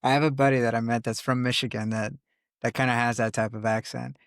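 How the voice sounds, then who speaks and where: Host: young man, gravelly, laid-back and chatty, dry close recording. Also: medium pitch, little pitch movement, quick pace, fairly bright tone, no echo. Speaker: podcast host. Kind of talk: casual chat.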